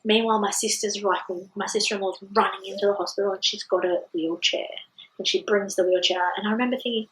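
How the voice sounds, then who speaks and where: A young woman telling her birth story on a podcast in a lively, fast, filler-heavy way. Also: mid-range voice, a little hiss or hum, poor audio. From Australia. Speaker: podcast guest. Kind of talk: casual storytelling.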